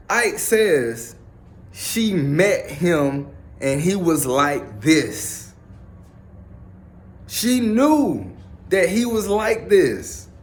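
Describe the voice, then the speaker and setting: Blunt, profane man talking slowly. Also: high-pitched. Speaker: commentator. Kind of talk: casual opinionated monologue.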